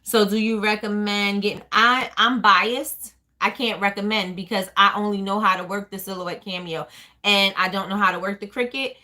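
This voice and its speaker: A woman's voice: mid-range voice, fairly even intonation, moderate pace, bright, forceful tone. A woman hosting a casual live stream, chatting and answering viewer comments as they come in. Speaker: small business owner hosting a live stream.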